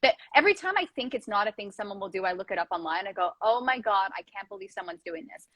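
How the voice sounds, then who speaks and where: A young woman hosting a casual chat, animated and jokey, often laughing. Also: medium pitch, quick pace, no room sound, rough recording. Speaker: host.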